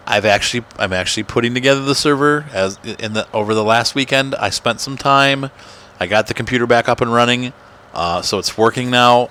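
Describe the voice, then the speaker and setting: On a desk microphone in his home room, a man with a lowish, slightly bright voice hosts his gaming channel. His gameplay commentary is casual and rambling, full of chatter and jokes at his own expense.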